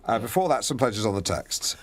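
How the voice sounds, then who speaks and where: An actor plays a pompous, awkward middle-aged local radio host in a comedy bit, fumbling, restarting and correcting himself as he chats on air. His voice is on the low side, brisk, with lively intonation.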